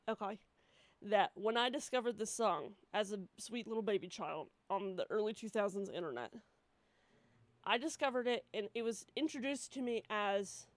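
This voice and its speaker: Animated young woman, dry close sound. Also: on the high side, dry recording. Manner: animated storytelling, frequent swearing and laughter. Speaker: podcast co-host. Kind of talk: casual chat.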